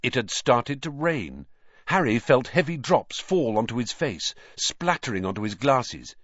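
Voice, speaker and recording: A man narrating a children's fantasy novel in a dramatic, lively reading. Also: mid-range voice, measured pace, dry recording, dull audio. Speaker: audiobook reader. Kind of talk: storybook narration.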